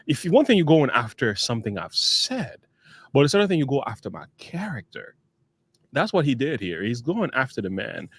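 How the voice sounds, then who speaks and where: Reaction-show host, male, animated pitch, dry close sound, laughs a lot. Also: brisk, vocal fry, husky, no room sound. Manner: chuckles often, loose and conversational. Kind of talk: casual reaction commentary.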